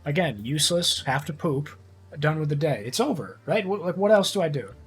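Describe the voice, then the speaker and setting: A man's voice: on the high side, lively intonation, fairly quick, faint music behind. A young man streaming live, chatting casually in a rambling, crude way with heavy swearing.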